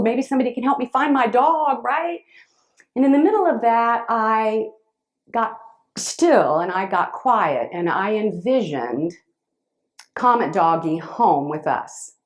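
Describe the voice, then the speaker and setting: Expressive woman telling a story. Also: a little high. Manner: expressive, swings between loud and hushed; halting, with restarts. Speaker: motivational speaker. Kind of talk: storytelling talk to a live audience.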